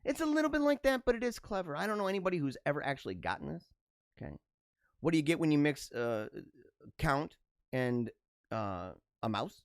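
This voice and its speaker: A man's voice: on the high side, big pitch swings, fairly quick, no room sound, clean studio sound. A man hosting his own talk show, reading jokes aloud and reacting with sarcastic, joking commentary and frequent laughter. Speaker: podcast host.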